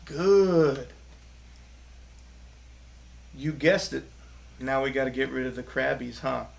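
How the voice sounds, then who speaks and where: Speaking slowly with vocal fry in a mid-range voice, a male music teacher chants rhythm syllables cheerfully so his young students can repeat them. Music plays in the background of the recording.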